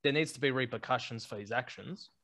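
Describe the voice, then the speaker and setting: A man's voice: medium pitch, a little fast, a bit bright. Teasing man keeping the story going. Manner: teasing, prompts the story along. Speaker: podcast co-host. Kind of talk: casual chat.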